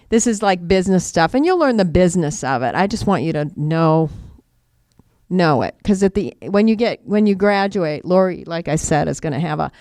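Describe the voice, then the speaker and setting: Woman mediator-trainer, casual teaching tone, laughs a lot, mimics quoted voices, smooth resonant sound, dry close recording. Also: lowish voice, darkish tone, no echo. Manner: chatty, laughs often, acts out quoted voices. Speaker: restorative justice mediator and trainer.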